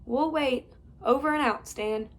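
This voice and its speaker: A woman voicing a friendly male fire chief who calls out loudly in a folksy way. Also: high voice, measured pace. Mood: calling out.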